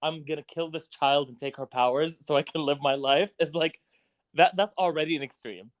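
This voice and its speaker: A man's voice: fairly high pitch, normal speed. A man co-hosting a podcast, chatty and reflective as he weighs up a film. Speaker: podcast co-host. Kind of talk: casual movie review chat.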